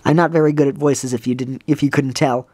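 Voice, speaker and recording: A woman's voice: very deep voice, steady tone, fairly quick, darkish tone. A woman hosting a let's play, chatting casually with giggles and self-deprecating asides. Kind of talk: casual gameplay commentary.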